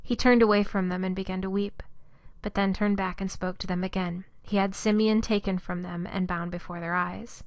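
Female scripture reader, mid pitch, steady measured delivery, dry booth sound. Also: no room sound.

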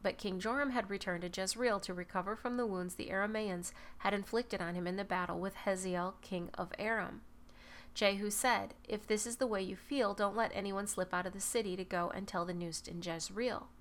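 A woman reading a Bible passage aloud at a measured pace, now and then correcting a slipped word. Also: medium pitch, fairly even intonation. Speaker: Bible reader. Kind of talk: scripture reading.

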